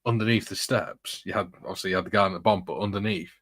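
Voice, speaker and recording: A man's voice: low voice, fairly even intonation, very fast, a bit bright, slightly rough, no room sound. A man casually rambling through anecdotes and reading chat on a live stream, chuckling often, in a room with the curtains closed.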